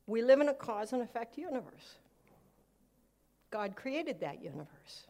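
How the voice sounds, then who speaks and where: Woman pastor with a high voice, preaching with humorous stories and loud acted-out prayers. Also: sing-song, measured pace, pauses often. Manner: storytelling with humor, acting out prayers loudly. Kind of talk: live sermon.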